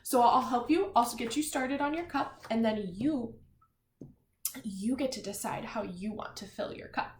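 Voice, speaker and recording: A woman teacher giving a children's word lesson, slowly spelling and reading words aloud and giving gentle drawing instructions. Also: on the high side. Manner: slow, gentle classroom instruction with spelled-out letters. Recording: echoey room with faint noise.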